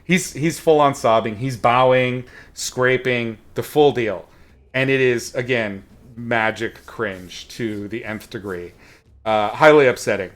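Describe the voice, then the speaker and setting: A man's voice: medium pitch, a little slow. A man telling a story in a rambling, casual way while he paints, with many fillers and some blunt swearing. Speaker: painting instructor streaming a painting session.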